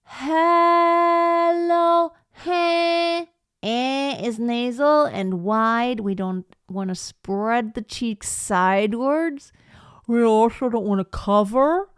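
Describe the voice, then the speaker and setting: A woman leads a live online singing class, speaking at an unhurried, deliberate pace. Her voice is smooth and resonant, sits a little high, and comes across dry and close. She stops now and then to sing a phrase and show the point. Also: no echo. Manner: demonstrates by singing phrases, then explains calmly. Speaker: singing teacher.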